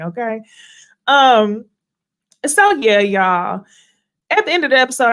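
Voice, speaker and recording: A woman hosts a casual reality TV recap in an animated, blunt way. She swears freely and laughs often as she talks. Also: on the high side. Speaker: host.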